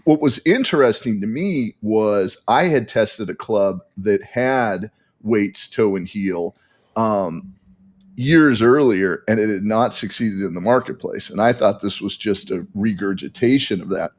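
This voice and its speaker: A man as a podcast guest, telling a story in animated casual chat with frequent restarts. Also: fairly low pitch, a little slow.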